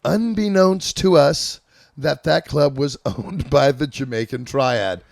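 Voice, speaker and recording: A gravelly man in his fifties with a fairly high voice, swapping wild road stories with plenty of swearing. He sounds dry and close to the mic, with no room around him. The talk is loose, animated and casual. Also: takes it slowly, no room sound. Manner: profane, animated storyteller. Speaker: host. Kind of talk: casual chat, storytelling.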